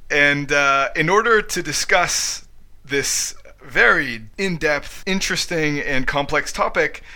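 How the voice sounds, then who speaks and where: A man hosting a podcast in a loose, joking chat. His voice is very bright and forward. He leads the talk in a laid-back way. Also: medium pitch. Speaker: podcast host. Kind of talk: casual chat.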